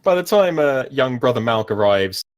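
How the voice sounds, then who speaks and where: A man's voice: mid-range voice, animated, moderate pace, dull audio. A man narrating as game master of a tabletop game, rambling and self-mocking with many fillers.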